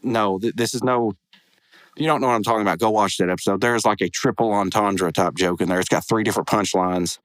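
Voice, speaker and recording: Rambling low-voiced man reviewing episodes. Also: dry recording. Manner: rambling, many restarts and self-corrections; enthusiastic, animated retelling. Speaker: podcast host reviewing a cartoon.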